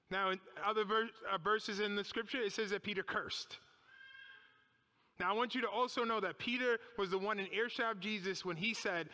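A man preaches a sermon in a church, retelling scripture with drama and firing off rhetorical questions. His voice is high and bright, and every phrase rings on through the long reverb of the hall. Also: a little fast.

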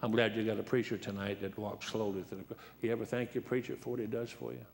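A man's voice: fairly low pitch, level tone, fast, vocal fry, a little mellow, slight background noise. A seventy-year-old man preaching a folksy sermon in a church, joking and telling anecdotes in a worn, dried-up voice. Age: 70s. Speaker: guest preacher.

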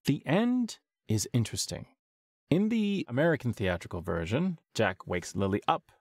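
A man's voice: medium pitch, no echo, clean studio sound. A man co-hosting a podcast who reacts with jokes and exclamations while reviewing a film in casual chat. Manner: animated, quick to joke and exclaim. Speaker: podcast co-host.

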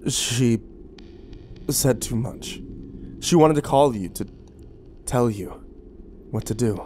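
A man voicing a grief-stricken husband in a horror story, speaking softly and haltingly through sobs. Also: medium pitch, a little hiss or hum, natural voice. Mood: sobbing. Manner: soft, choked, halting. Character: grief-broken man, sobbing and fearful.

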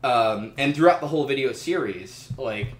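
Animated man chatting in an echoey room. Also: mid-range voice, normal speed. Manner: animated, swearing, jumps into loud mocking impressions. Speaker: podcast co-host. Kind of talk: casual chat.

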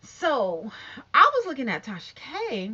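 A woman with a high, youthful-sounding voice chatting casually and sassily to camera about online gossip. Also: unhurried, breathy edge, muffled recording. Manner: chatty, sassy, animated, talks straight to viewers. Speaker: YouTube commentator.

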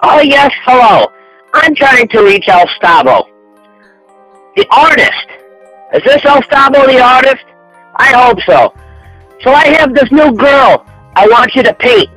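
Casting: man doing a pushy client on voicemail, very high husky voice, crude and gushing. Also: big pitch swings, a little slow, long pauses, sharp tone, dry recording, faint music behind, heavily acted, poor audio. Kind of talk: voicemail monologue in animation.

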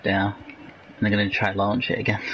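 Male gamer, deeper voice, supportive teammate on a dull, lo-fi stream mic. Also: monotone, moderate pace, crowd noise. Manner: encouraging, coaching teammates with short calls. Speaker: gamer streaming an online football match. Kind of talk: casual game chat. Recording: dull lo-fi audio.

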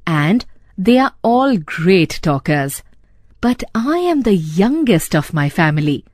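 A woman's voice: fairly low pitch, very animated, slow, darkish tone, no room sound, studio quality, exaggerated voice. A woman voicing a chatty, boastful male barber who talks on and on in a polite, soothing way.

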